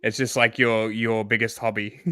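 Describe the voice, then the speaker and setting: A man's voice: mid-range voice, lively intonation, unhurried, sharp tone, no room sound, studio quality. A man co-hosting a stream, reacting to a video in laid-back, teasing chat. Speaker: stream co-host.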